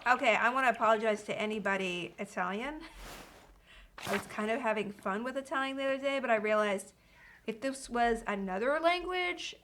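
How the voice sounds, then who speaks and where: A woman's voice: on the high side, pushed and bright. A woman streaming a video game, chatting casually with viewers and reading game dialogue aloud. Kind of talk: casual live-stream chat.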